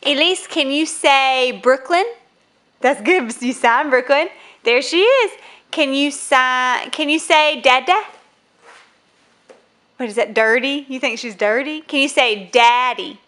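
A young woman filming her children at home on a phone. She has a high, bright voice. She talks slowly and patiently, drawing the kids out with one encouraging question after another. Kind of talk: casual home video. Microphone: phone camera held while filming.

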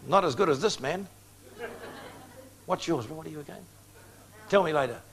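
A man's voice: on the high side, lively intonation, normal speed, background noise. A man in his sixties preaching an evangelistic sermon, speaking directly to his audience and telling stories with acted-out dialogue. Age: 60s. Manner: direct, storytelling, acts out dialogue.

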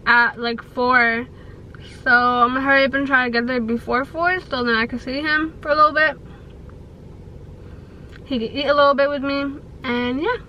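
A woman's voice: sits high, pushed and bright, highs cut off, slight background noise. A young woman vlogging casually, chatty and giggly, talking with a slight lisp from her retainers. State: pregnant. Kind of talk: casual vlog chat.

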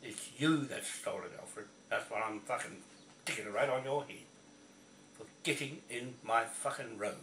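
Speaking at a moderate pace with a sharp edge, this man vlogs an angry rant straight to camera, cursing and going over the same points combatively. His voice sits in the mid range. The sound is distant and echoey, carrying a little background noise.

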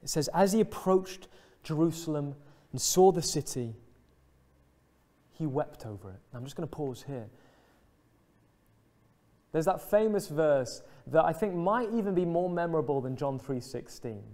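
A man preaching a sermon in an earnest, reflective way, dropping soft and slow on emotional lines. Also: on the high side, expressive. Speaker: pastor. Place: church.

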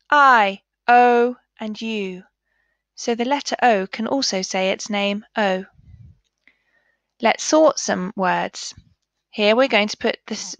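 A woman teaching a children's phonics lesson, sounding out letters and words slowly and clearly. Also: mid-range voice, a bit bright, dry recording.

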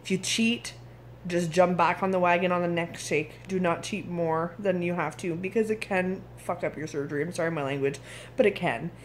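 A woman's voice: fairly low pitch, steady tone, moderate pace, a little hiss or hum. A woman in her thirties from Canada, talking frankly in a casual video diary, tired and irritable, now and then swearing. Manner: candid, frank, occasionally swears. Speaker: vlogger.

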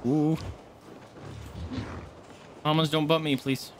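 A man streaming a game and commenting live, excitable, yelping and swearing as he plays. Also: on the high side, takes it slowly, a little hiss or hum. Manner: excitable, yelps and swears mid-fight. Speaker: gaming streamer.

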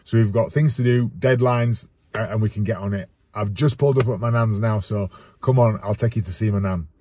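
A man vlogs to camera from his car on the school run, his lowish, mellow voice moving fairly quickly. He's a dad who chats casually in an upbeat, motivational, coach-like manner.

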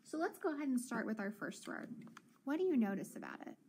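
Woman teacher, phonics lesson, encouraging, sounds words out slowly, fairly high voice. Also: very animated, darkish tone, a little hiss or hum.

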